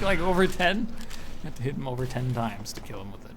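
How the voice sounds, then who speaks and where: A man commentating over video game footage, excitable and profane, often breaking into shouts and laughter. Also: mid-range voice, moderate pace, long pauses, faint music behind. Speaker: gaming commentator.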